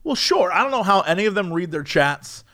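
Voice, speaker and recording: A man, a streamer, chatting casually and acting out chat messages in a high, excited voice. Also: a little fast.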